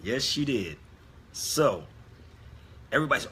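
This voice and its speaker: A man's voice: medium pitch, lively intonation, normal speed, long pauses, bright, forceful tone, slight background noise. A man telling a story in a casual monologue, emphatic and speaking straight to his listeners. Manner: emphatic, addresses listeners directly. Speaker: online talk host.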